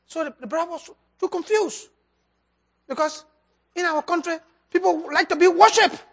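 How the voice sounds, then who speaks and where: A preacher giving a sermon and altar call, swinging between loud emphasis and soft drops, with loose grammar. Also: extremely high pitch, normal speed. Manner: loose, nonstandard English grammar.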